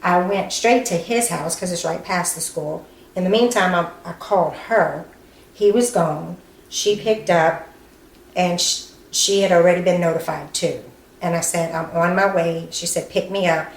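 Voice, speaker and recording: A woman interviewed about her sister's death, speaking haltingly and acting out what people said to her. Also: fairly low pitch, gravelly. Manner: halting, acts out quoted dialogue, frequent "um" and "you know". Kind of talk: recounting events in an interview. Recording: echoey room with faint background noise.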